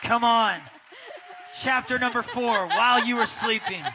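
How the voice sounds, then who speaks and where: A man's voice: very high voice, a little slow. A man, the pastor, interviewing a guest in front of his church, calling out eager affirmations and turning to the congregation. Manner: enthusiastic affirmations, addresses the congregation. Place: church sanctuary before a congregation. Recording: long church reverb with faint room noise.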